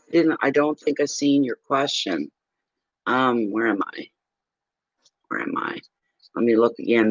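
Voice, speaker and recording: A man's voice: mid-range voice, fairly bright tone, no echo, muffled recording. A man doing a casual livestream tarot reading, telling blunt, salty stories between questions. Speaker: tarot reader.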